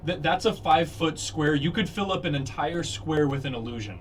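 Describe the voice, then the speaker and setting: A man running a tabletop game as dungeon master, narrating the scene and patiently walking the players through the rules, with plenty of small fillers. His voice sits a little high. A faint background hiss runs under it. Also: lively intonation, moderate pace. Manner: patient explaining with many fillers.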